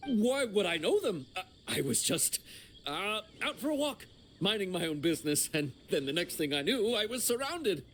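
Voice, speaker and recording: A man's voice: high voice, big pitch swings, normal speed, a bit bright, a little hiss or hum. Brief: a flustered young guy, tripping over his words, voice jumping around. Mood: nervous. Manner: nervous, stammering, defensive. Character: jittery young man caught in a shady deal. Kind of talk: video game voice acting.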